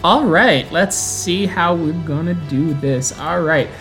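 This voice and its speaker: Faint music plays behind a man narrating a tabletop horror game as storyteller. His voice is a little high and a bit bright, and his measured, descriptive delivery sometimes slows and stretches for effect.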